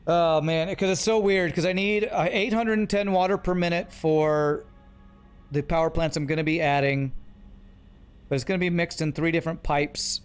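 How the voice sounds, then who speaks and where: A man's voice: on the high side, moderate pace, clean tone. A man streaming a building game, thinking aloud and correcting himself as he works through numbers. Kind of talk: live gameplay commentary.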